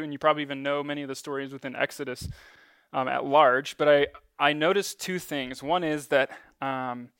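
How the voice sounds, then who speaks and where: A man's voice: on the high side, a bit bright, smooth, no echo. A man preaching a casual sermon to a church gathering, talking conversationally with frequent ums and light self-deprecating asides.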